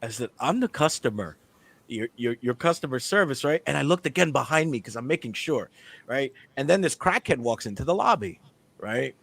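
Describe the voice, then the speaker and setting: A man's voice: mid-range voice, brisk, vocal fry, dry recording. Man telling a profane story. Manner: animated, profane, acts out the dialogue. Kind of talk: casual storytelling among friends.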